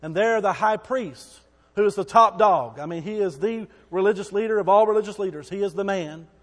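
Man, preacher, sermon, high voice, dramatic storytelling, long hall reverb. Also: fairly quick. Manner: dramatic storytelling, shouting quoted crowds.

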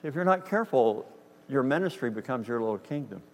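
A man's voice: medium pitch, expressive, fast talker. Man preaching in a reverberant hall. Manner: conversational, acts out dialogue, asks the congregation. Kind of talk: storytelling sermon. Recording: reverberant hall with faint hum.

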